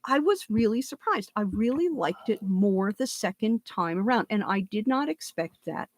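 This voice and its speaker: A woman's voice: medium pitch, animated, moderate pace, dry recording. A woman co-hosting a casual film review podcast, chatty and laughing, often correcting herself mid-sentence. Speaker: podcast co-host and author.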